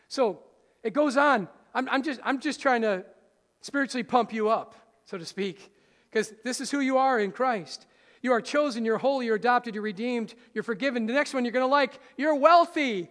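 High-voiced man preaching in a hall. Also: moderate pace. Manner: preaching with swings from loud rousing to hushed and soft; speaks straight to the congregation with questions. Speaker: pastor. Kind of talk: sermon. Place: church hall. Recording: hall reverb.

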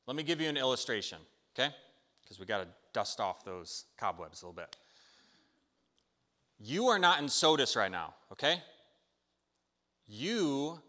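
A man preaching a sermon in a conversational, animated way, telling a story and checking in with the listeners. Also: mid-range voice, measured pace, long pauses. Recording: long hall reverb.

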